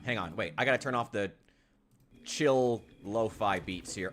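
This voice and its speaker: A man casually commenting while playing a game, rambling and sarcastic, now and then yelling in panic. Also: fairly low pitch, moderate pace. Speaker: gaming channel host. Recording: game music loud behind.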